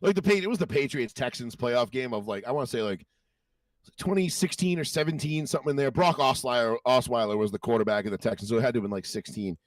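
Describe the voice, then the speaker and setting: A man's voice: medium pitch, fast, no room sound. Male podcast host, casual profane storyteller, dry and slightly distant sound. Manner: animated, profane, acts out quotes in raised voices.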